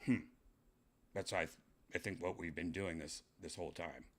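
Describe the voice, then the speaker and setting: Deep-voiced man, deadpan podcast host. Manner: mumbling, drawn-out fillers, low muttered asides. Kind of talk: casual chat, deadpan trolling.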